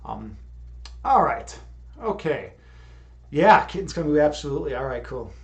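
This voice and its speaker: A man's voice: fairly high pitch, sing-song, normal speed, vocal fry. Rambling, profane male streamer. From Chicago. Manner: rambling, profane, laughs often, restarts words. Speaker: streamer leading meditation. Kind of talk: casual live-stream chat.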